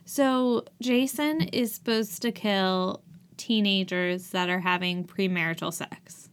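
A woman's voice: mid-range voice, slow pace, smooth. A woman co-hosting a casual movie review podcast, asking incredulous questions and laughing. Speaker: podcast co-host.

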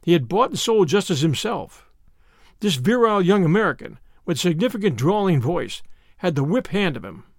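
A man narrating a novel in measured storytelling. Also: high-pitched, very animated, gravelly, dry recording, clean studio sound. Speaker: audiobook narrator. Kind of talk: scripted narration.

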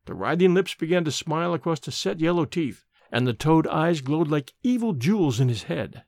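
Male narrator, lively higher voice, dramatic measured reading, dry booth. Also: creaky, no echo. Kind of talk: scripted narration. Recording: dry close recording.

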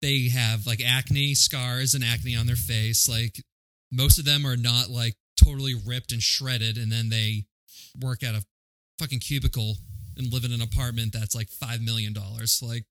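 A man's voice: medium pitch, steady tone, normal speed, fairly bright tone, no echo. A man co-hosting a podcast who recaps a movie plot casually, joking and laughing along. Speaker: podcast co-host. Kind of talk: casual movie-review banter.

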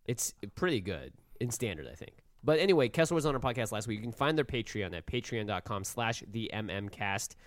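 A man's voice: on the low side, big pitch swings, a little fast, few pauses, dry recording, studio quality. A man co-hosting a podcast about a card game, chatting in an upbeat way and reading out the show's credits. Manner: upbeat, reads plugs and credits. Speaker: podcast co-host. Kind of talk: casual chat.

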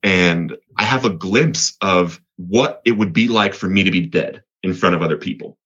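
A man's voice: low voice, normal speed, fairly bright tone, slightly rough, muffled recording. A man from Colorado, earnest and repetitive, telling his story of getting clean as an interview guest. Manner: earnest, repeats words, voice rises when reliving moments. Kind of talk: personal testimony in an interview.

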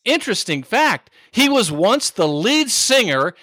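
A man's voice: high voice, sing-song, measured pace, noisy background. A man hosting a podcast, reading a playful scripted introduction and chatting with a guest, laughing easily. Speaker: podcast host.

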